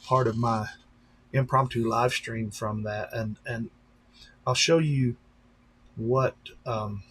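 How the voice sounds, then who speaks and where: A man's voice: medium pitch, steady tone, takes it slowly, fairly bright tone, slight background noise. A man, a pastor, chatting casually on a live stream, rambling and talking straight to his viewers. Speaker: pastor and drone-racing streamer.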